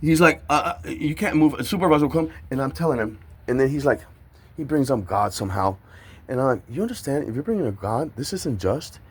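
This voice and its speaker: A man's voice: mid-range voice, expressive, a little fast, husky. A man angrily retelling being handcuffed, swearing constantly and acting out the voices of everyone involved. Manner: agitated, profane, mimics voices while retelling. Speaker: man detained by police. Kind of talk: heated recounting of an arrest. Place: outdoors by a street.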